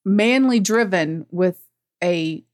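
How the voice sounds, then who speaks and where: Wry American woman, lowish voice. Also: slow. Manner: wry, teasing, laughs easily. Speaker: podcast co-host. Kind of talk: casual movie review chat.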